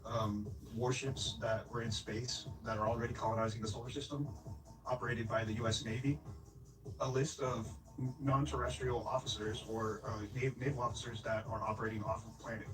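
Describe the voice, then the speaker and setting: A man reading scripted documentary narration in an even, informative way. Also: medium pitch, fairly quick, poor audio. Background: music.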